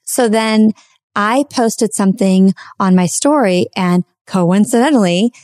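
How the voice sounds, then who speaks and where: A woman's voice: medium pitch, a little slow, darkish tone, dry recording. Podcast host lady rambling through a personal story, lots of likes, dry close sound. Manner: chatty, heartfelt storytelling with many fillers. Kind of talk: casual podcast conversation.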